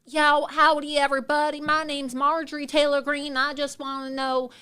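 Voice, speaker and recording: A woman's voice: high voice, little pitch movement, moderate pace, sharp tone, voice pushed up. A woman putting on a mocking impression of a dim-witted, drawling woman politician with an exaggerated folksy twang during livestream commentary.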